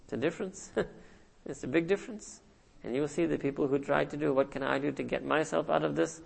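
Male preacher, gravelly voice, rhetorical and repetitive, teaching sermon. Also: fairly high pitch, brisk. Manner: rhetorical, repeats phrases, asks "hmm?" to listeners; quotes Arabic and Urdu phrases. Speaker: religious teacher.

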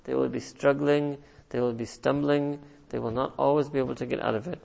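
Male preacher, gravelly voice, rhetorical and repetitive, teaching sermon. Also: mid-range voice, fairly even intonation, fairly quick, a little mellow. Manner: rhetorical, repeats phrases, asks "hmm?" to listeners; quotes Arabic and Urdu phrases. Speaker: religious teacher.

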